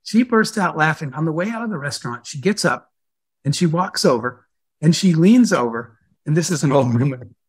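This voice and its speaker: A man telling stories to an audience, slipping into the voices of the people in them. His voice sits a little high for a man, and the sound is dry and close. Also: normal speed, breathy edge, dry recording. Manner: animated storyteller who acts out dialogue. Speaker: guest speaker and entrepreneur. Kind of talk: storytelling in a live Q&A talk.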